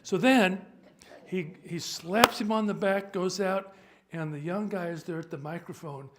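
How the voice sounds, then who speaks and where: Older priest giving an informal workshop. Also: male voice, high voice, unhurried, background noise. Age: 70s. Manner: chatty, joking, stops to sort out sound. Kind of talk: informal teaching talk.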